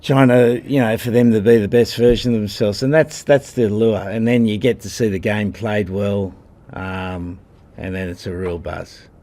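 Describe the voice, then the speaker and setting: A man's voice: fairly low pitch, steady tone, moderate pace, dark tone. A man in his sixties from Australia, a rugby head coach answering at a press conference in a blunt, combative way, calling people mate.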